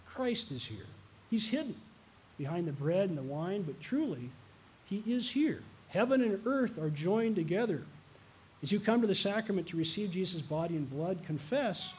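A man's voice: on the high side, lively intonation, brisk, a little mellow, slight background noise. A male pastor preaching a sermon, earnest and repeating a refrain, with light asides to the congregation. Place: church.

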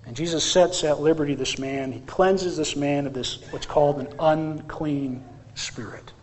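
Man, pastor, sermon, lively questioning delivery, higher voice. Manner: animated, rhetorical questions to the congregation.

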